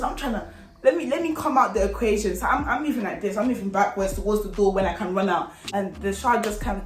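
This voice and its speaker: Animated young woman telling a story. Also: mid-range voice, brisk. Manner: animated, slangy, acts out the scenes. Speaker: vlogger. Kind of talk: storytime vlog. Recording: echoey room.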